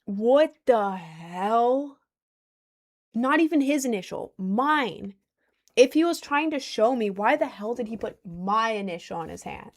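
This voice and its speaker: A woman's voice: on the high side, expressive, measured pace. A young woman spins a casual story in a rambling way, full of filler words. She keeps breaking off to apologize for oversharing. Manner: rambling, heavy on "like", apologetic asides.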